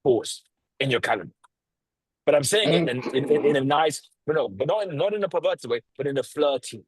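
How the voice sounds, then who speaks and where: A man coaching on a video call, talking bluntly and swearing freely, with a lively tonality, deliberate pauses and stressed words. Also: a little high, husky, dry recording, rough recording. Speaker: sales coach.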